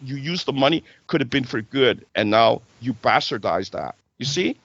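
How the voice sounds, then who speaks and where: A man's voice: medium pitch, animated, moderate pace, a bit bright, no room sound, lo-fi sound. A man hosting a casual spiritual talk show, preaching and checking in with "right?" and "okay?".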